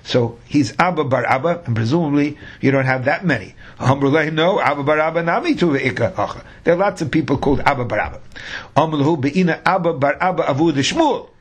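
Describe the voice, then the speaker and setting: A man's voice: fairly high pitch, lively intonation, fast talker, slightly rough. A man teaching a Talmud class, reading the Aramaic phrase by phrase and explaining each in English.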